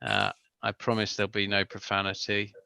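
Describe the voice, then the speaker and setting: A man's voice: lowish voice, big pitch swings, normal speed, creaky, sharp tone, clear, resonant tone. A man hosting a live build-along stream, chatty and greeting viewers as they join. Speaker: stream host and co-presenter. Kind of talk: casual live-stream chat.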